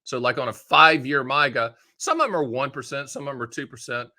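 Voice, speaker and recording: A man hosting his own show about annuities, explaining in a casual, folksy way with joking asides and quick put-on voices. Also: mid-range voice, bright, forceful tone. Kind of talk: casual direct-to-camera explainer.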